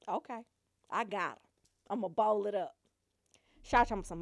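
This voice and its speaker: A woman's voice: mid-range voice, moderate pace, long pauses, dry recording, clean studio sound. A woman telling a funny family story in a loose, casual way, laughing often and acting out her relatives. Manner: animated, laughs often, acts out family members. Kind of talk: comic storytelling.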